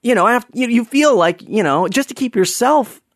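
A man telling a funny personal story in an animated, sarcastic way, dropping to mumbled asides and jumping up for mocking voices. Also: very high-pitched, moderate pace, no echo, clean studio sound. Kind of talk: comedic personal anecdote.

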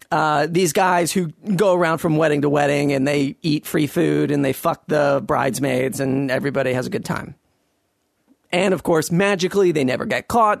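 High-voiced man in a sarcastic rant. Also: creaky, no room sound, studio quality. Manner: sarcastic, profane and rambling. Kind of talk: casual monologue rant.

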